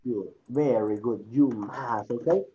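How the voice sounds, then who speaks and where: Male English teacher, mellow voice, calls on students one by one, dull video call audio. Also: mid-range voice, slow. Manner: switches between English and Spanish, coaxing and repetitive. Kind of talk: online class, calling on students.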